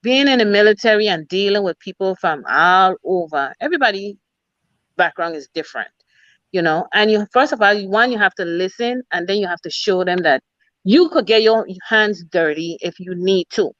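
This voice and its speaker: A middle-aged woman from the Virgin Islands tells her stories with emphasis, in a clear Virgin Islands accent. She speaks as a guest on a video call interview, and her voice sits at an ordinary pitch for a woman. The audio is dry and a little dull. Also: lively intonation, moderate pace, fairly bright tone, no room sound. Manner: emphatic, repeats "you know" and "you understand". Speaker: guest, military officer. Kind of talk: casual interview storytelling.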